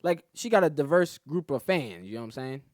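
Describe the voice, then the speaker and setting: A man's voice: on the high side, sing-song, brisk, no room sound, studio quality. A man, a comedian guest on a podcast, telling a story in a casual, profane way and often saying "you know what I'm saying". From New York.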